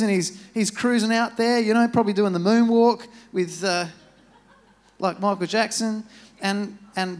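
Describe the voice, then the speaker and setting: A man giving a sermon in a chatty, storytelling way, speaking into a microphone in a church. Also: high-pitched. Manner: casual, chatty retelling with acted-out quotes. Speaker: preacher.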